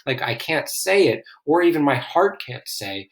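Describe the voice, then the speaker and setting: A man's voice: medium pitch, very animated, moderate pace, hardly any pauses. A man reading lines from a play aloud and explaining them in plain, casual words, often musing over what he finds interesting. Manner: reads lines then paraphrases them in plain talk, musing and curious. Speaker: literature explainer. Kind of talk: casual read-aloud with commentary.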